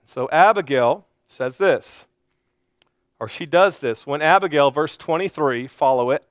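A male pastor preaching a sermon, retelling a Bible story with animated storytelling and acting out the characters' lines. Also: on the high side, unhurried, dry recording, studio quality.

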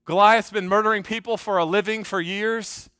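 A man's voice: sits high, fairly even intonation, moderate pace, pushed and bright, smooth, dry recording, studio quality. A male pastor preaching a sermon in a joking, conversational way, often quizzing the congregation.

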